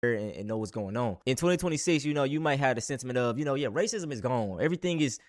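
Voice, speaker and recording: Male creator, AAVE, rapid earnest address to viewers, dry close sound. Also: medium pitch, expressive, dry recording. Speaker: video creator. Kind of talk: direct-to-camera commentary.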